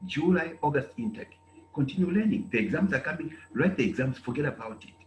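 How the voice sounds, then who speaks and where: A man with a Zambian English accent lectures students in a scolding tone and repeats his points for emphasis. His pitch swings widely as he talks. The recording sounds roomy and echoey, with a faint hum underneath. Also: lively intonation, brisk. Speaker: program director addressing students. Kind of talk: lecturing speech at an online meeting.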